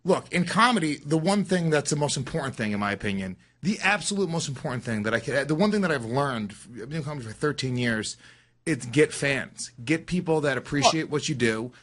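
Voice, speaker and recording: A man's voice: a little high, expressive, a little fast, a bit bright. A man co-hosting a podcast in casual chat, hesitant and joking. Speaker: podcast co-host.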